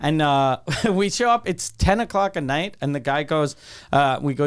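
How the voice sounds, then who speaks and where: Guy rambling thru a story, lots of swearing and restarts, slightly high voice. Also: smooth. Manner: profane, halting, with restarts and dry asides. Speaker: podcast co-host. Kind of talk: casual comedic storytelling.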